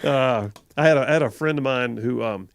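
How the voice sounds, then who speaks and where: A man's voice: medium pitch, a little fast, creaky. A middle-aged man with a Southern accent hosting a live call-in radio show, rambling and chuckling as he corrects himself. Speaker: radio talk show host. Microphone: studio microphone.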